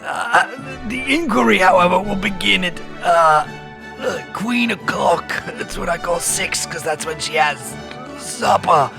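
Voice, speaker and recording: A podcast host, a man, putting on a pompous, drawn-out parody of a posh British gentleman. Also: mid-range voice, steady tone, over music, pitched below the performer's own voice. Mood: mock-pompous. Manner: exaggerated, drawn-out parody accent. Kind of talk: comic bit on a podcast.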